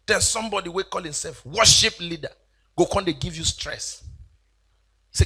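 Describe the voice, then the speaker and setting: A Nigerian man doing animated stand-up comedy on a church event stage, mixing in Pidgin and mimicking people. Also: high-pitched, moderate pace, husky.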